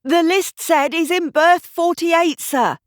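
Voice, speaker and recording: A woman puts on a keyed-up young police constable for an audiobook. He calls out high and loud, bursting with urgency, his voice leaping about as he hammers on doors. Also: lively intonation, a little fast, no echo, clean studio sound. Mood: urgent shouting. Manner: urgent, shouting.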